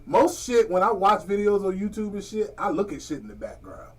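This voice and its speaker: A man's voice: high voice, big pitch swings, fairly quick, slightly rough, distant mic. A man hosting a casual podcast, telling a profane story and laughing through it. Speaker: podcast host.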